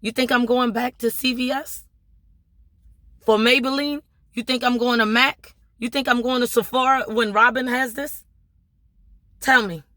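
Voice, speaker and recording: A woman's voice: a little high, sharp tone, dry recording. A woman from Maryland with a local accent, giving an impassioned motivational talk to her viewers, emphatic and full of rhetorical questions. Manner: preachy, emphatic, repeating rhetorical questions with "right?". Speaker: small business owner and vlogger.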